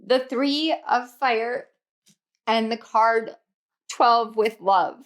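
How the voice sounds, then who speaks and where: A woman's voice: a little high, extremely slow. A young woman giving a casual tarot reading, emotional and gushing, laughing often as she goes. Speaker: tarot reader.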